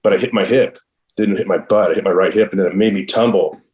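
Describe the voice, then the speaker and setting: Middle-aged male podcast guest, deep and low, rambling storyteller who swears freely. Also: fast, darkish tone, rough recording. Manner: rambling and profane, heavy use of "like" and "I'm all". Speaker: podcast guest, professional skateboarder. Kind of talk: casual storytelling.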